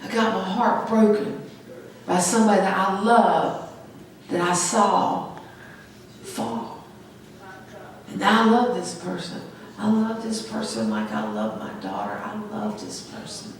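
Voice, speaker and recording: A woman's voice: mid-range voice, lively intonation, a little slow, pauses often. A woman pastor preaching a sermon with emphatic call-and-response. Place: church sanctuary. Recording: echoey church from far off.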